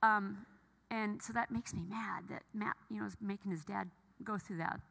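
A middle-aged woman speaking haltingly and with emotion as she gives a personal testimony to a church audience, with many fillers and restarts. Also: medium pitch, fairly even intonation, creaky, fairly bright tone. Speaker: bereaved mother sharing testimony. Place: church sanctuary. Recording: long reverb of a church hall.

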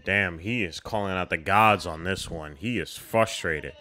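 A young man hosting a casual film reaction, excitable and slangy, calling out at the screen. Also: sits low, a little slow.

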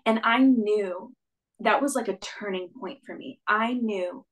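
A woman's voice: medium pitch, unhurried, rough recording. A young woman, a stage actress, telling her story as a guest in an interview, earnest and reflective, with frequent "like" and "um". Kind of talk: conversational interview.

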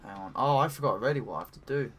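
Excitable swearing man narrating his gameplay. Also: mid-range voice, rapid-fire, a little hiss or hum. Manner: swears often, talks to himself, bursts into excited cries. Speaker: gaming commentator. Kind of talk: let's play commentary.

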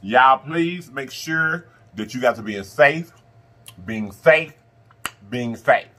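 A man's voice: medium pitch, expressive, slow, sharp tone. A middle-aged man, talking casually to the camera while he eats and fondly calling his viewers "baby" and "y'all". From Southern United States. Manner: affectionate, preachy, calls viewers "baby" and "y'all". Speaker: mukbang vlogger.

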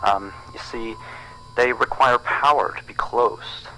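A man's voice: mid-range voice, takes it slowly, background noise. A man voicing a phone guy who gives hesitant instructions for a night shift. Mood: rambling. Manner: hesitant, rambling, full of ums.

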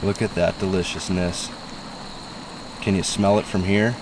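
A Midwestern man hosts an outdoor cooking vlog near the woods, chatty and folksily enthusiastic in a deep, steady, slightly slow voice. The mic is distant and picks up faint outdoor noise.

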